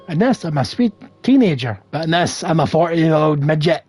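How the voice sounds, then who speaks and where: A man's voice: fairly high pitch, big pitch swings, moderate pace, darkish tone, breathy edge, soft background music. A man giving jokey, self-mocking commentary while streaming a game. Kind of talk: casual gameplay commentary.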